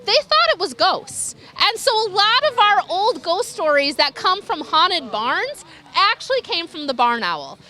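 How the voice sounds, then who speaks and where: A woman's voice: very high-pitched, very animated, measured pace, pushed and bright, a little hiss or hum. A young woman giving an enthusiastic wildlife lecture to an audience, sometimes imitating animal calls. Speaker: raptor educator. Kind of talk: public lecture.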